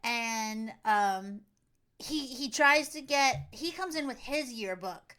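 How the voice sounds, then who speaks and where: A woman with a fairly high voice chats casually on a podcast and recaps a film scene by scene. She rambles, filling her sentences with "like" and restarting them as she goes. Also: expressive, slow pace, sharp tone, clean tone. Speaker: podcast co-host. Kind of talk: casual chat recapping a movie.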